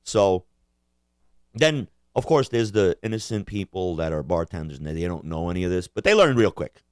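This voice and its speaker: A man with a somewhat low voice rambles through a profane, jokey rant, trading banter with a co-host. The sound is dry and close, with no room behind it. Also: big pitch swings, moderate pace, dry recording. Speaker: podcast co-host. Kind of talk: crude casual rant.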